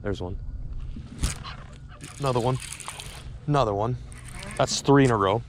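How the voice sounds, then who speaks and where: A young man filming a fishing vlog on a riverbank, talking excitedly and stammering when a fish bites. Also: medium pitch, a little slow, pauses often, a little hiss or hum. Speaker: fishing vlogger. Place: outdoors on a river bank.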